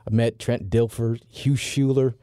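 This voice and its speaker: Man in his forties, animated storyteller, mellow voice, dry close sound. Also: medium pitch, a little slow, no room sound. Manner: lively, excitable, lots of fillers. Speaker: podcast regular.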